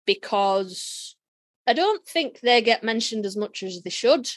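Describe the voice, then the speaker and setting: Sweary Yorkshire woman, higher voice. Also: expressive, a little slow, no echo. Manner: blunt, swears freely, laughs often. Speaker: podcast co-host. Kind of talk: casual podcast chat.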